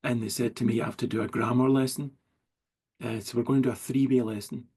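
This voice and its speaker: A man's voice: mid-range voice, fairly even intonation, quick pace, gravelly, a little mellow, slightly rough. A middle-aged Scottish man, a writer as interview guest, rambling through anecdotes full of likes and quoted dialogue. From Scotland. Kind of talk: casual storytelling chat.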